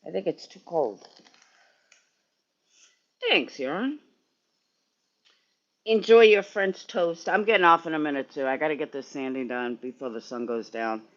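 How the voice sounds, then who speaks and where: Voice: mid-range voice, unhurried, long pauses, fairly bright tone, dull audio. A sleepy, yawning streamer rambling and swearing in casual chat with viewers while working in a garage. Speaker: livestreamer.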